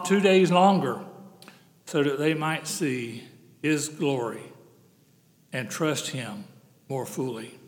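Earnest male pastor preaching in a reverberant hall. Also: a little high. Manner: earnest preaching, slowing on key phrases. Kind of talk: sermon.

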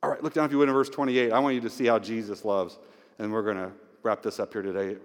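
A male pastor preaching an Easter sermon with scripture reading, emotional and swinging from hushed tones to near-shouting. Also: lowish voice, steady tone, quick pace. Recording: long hall reverb.

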